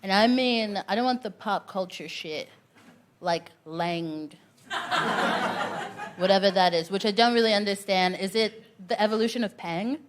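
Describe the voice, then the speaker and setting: A woman hosting a stand-up show, doing animated crowd work with plenty of laughter. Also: medium pitch, a little slow, noisy background. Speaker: comedy host. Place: comedy club stage.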